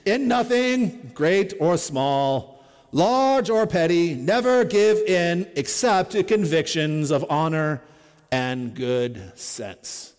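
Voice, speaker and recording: A man doing a slow, booming elderly statesman. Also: animated, darkish tone, in a large hall. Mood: solemn, defiant. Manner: slow, booming, drawn-out delivery. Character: grave elderly male statesman giving a speech.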